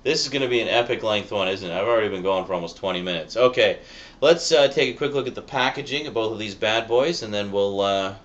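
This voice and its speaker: A man's voice: fairly low pitch, fast talker, fairly bright tone. A man giving a chatty, rambling spoken review, full of fillers and little laughs, his voice cracking at times. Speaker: Blu-ray reviewer. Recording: dull lo-fi sound, faint noise.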